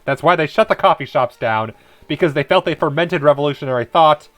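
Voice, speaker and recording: A man's voice: a little high, brisk, a bit bright, no room sound, soft background music. A man streaming a game, rambling casually and eagerly about history. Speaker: let's-play streamer. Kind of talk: casual gameplay commentary.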